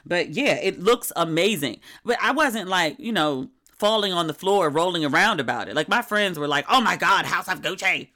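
A middle-aged woman hosting a solo podcast, talking candidly and wryly, with animated retellings and drawn-out words for emphasis. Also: on the low side. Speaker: podcast host.

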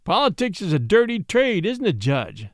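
A man's voice: wildly swooping pitch, normal speed, no echo, studio quality, full character voice. A man voicing a vengeful, sardonic middle-aged male sociologist with a mocking, theatrical manner. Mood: scornful. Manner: mocking, theatrical, shrill when feigning outrage.

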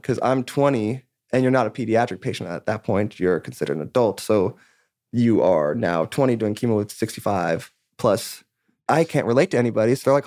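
Recorded dry at studio quality, a musician around thirty rambles candidly through his story in a casual podcast interview, swearing and saying "like" a lot. His voice is medium-pitched, brisk, and darkish.

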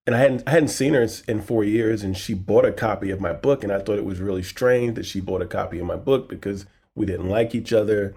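A middle-aged man tells a long personal story as a guest on a podcast. His voice sits low and has a husky edge. He animates the quoted lines and goes softer when the story turns sad. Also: brisk, few pauses. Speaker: guest author and poet.

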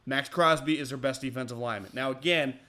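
A man hosting a casual sports talk show, talking in an animated way and breaking into loud, excited bursts. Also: medium pitch, fast talker. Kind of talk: casual sports radio chat.

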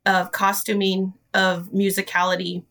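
A woman speaking as an interview guest in an earnest, emotional storytelling way. Her voice is bright and forward. She sits a little back from the microphone. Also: mid-range voice, monotone, unhurried, recorded from a distance. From Idaho. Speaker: dance studio director.

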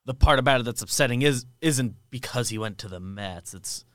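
A man's voice: mid-range voice, brisk, fairly bright tone, no room sound, clean studio sound. A man co-hosting a podcast, chiming in chattily during a casual sports chat. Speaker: podcast co-host.

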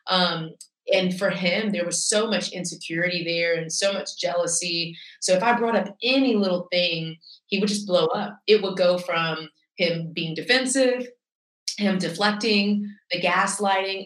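A woman's voice: fairly low pitch, a little slow, fairly bright tone, far from the mic. A woman pastor, a guest, telling her own story frankly and earnestly in a conversational way. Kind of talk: candid personal storytelling. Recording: echoey room, voice set back from the mic.

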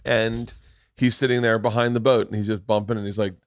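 A man's voice: on the low side, little pitch movement, a little fast, no echo, clean studio sound. A man from Florida hosting a podcast, telling a story in a loose, profane, rambling way. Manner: rambling, profane, self-interrupting. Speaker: podcast host. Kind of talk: casual storytelling chat.

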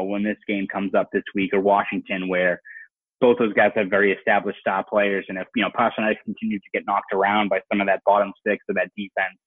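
A man's voice: on the low side, no echo. A man with a Boston accent, a sports reporter guest chatting casually and rambling with lots of "you know" fillers. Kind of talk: casual podcast chat. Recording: dry tinny phone-like line.

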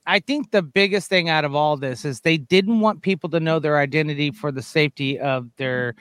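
A man co-hosting a podcast, steady and agreeable, leading into the next segment. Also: on the high side, brisk, no echo. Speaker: podcast host. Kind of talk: casual chat.

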